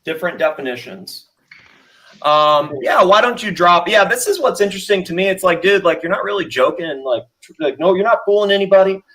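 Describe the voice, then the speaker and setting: A man in a livestream argument who mocks and needles the other person, sometimes shouting. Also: sits high, animated, fairly quick, rough recording. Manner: mocking, combative, sometimes shouting. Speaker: livestream guest.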